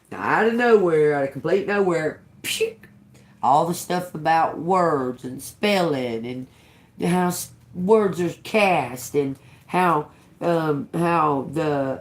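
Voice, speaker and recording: A woman tarot reader in casual spiritual talk to her viewers, rambling and restarting, swearing freely and laughing often. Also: low voice.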